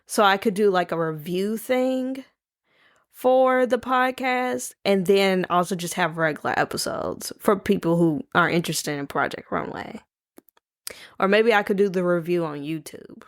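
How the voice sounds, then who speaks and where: A woman's voice: medium pitch, normal speed, no echo, clean studio sound. A woman hosting a casual solo podcast, rambling playfully and calling listeners baby and y'all. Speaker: podcast host. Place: home, recording at night.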